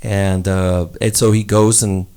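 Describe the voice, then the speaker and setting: A man's voice: fairly low pitch, little pitch movement, measured pace, warm tone, clean tone. An older man, a podcast guest, telling a long personal story in a rambling way, repeating words and acting out what others said. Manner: rambling, repeats words, acts out quoted voices. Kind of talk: storytelling in a conversation.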